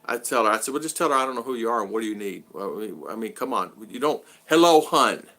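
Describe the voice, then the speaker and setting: Bright-voiced rambling middle-aged man. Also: on the low side, racing. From United States. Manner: rambling, repeats himself. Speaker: vlogger. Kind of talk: casual livestream chat.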